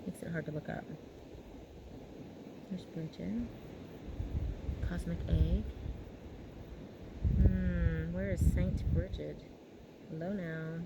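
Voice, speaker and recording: A woman giving an intuitive tarot reading outdoors, talking slowly and dreamily and humming between thoughts. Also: lowish voice, fairly even intonation, gravelly, dull audio, heavy background noise. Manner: slow, dreamy and emotional, humming often. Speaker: tarot reader. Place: field outdoors in the mountains.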